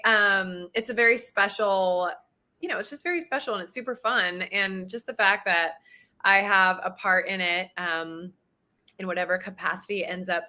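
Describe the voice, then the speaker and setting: A woman's voice: fairly low pitch, bright, forceful tone. A woman in her thirties, a guest actress chatting enthusiastically in an interview, with lots of fillers. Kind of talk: casual interview chat.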